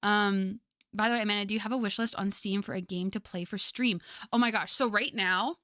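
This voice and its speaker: Bright, chatty young woman streamer. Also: medium pitch, steady tone, fairly quick, dry recording, clean studio sound. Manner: chatty, laughs often, lots of fillers. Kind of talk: casual chat with viewers.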